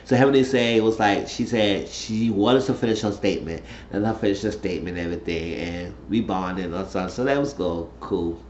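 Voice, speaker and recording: A man's voice: lowish voice, fairly quick, few pauses, darkish tone, a little hiss or hum. A man casually recapping a reality TV episode, rambling through the story in loose, slangy talk. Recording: roomy, dull lo-fi sound.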